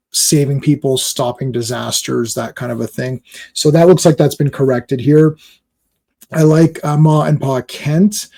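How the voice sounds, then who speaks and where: A man's voice: medium pitch, gravelly, darkish tone. A man giving casual reaction commentary on a movie trailer, rambling and exasperated with lots of fillers.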